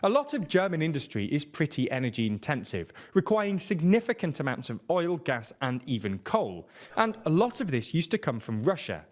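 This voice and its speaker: Lively scripted male news narrator. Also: fairly high pitch. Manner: measured, informative.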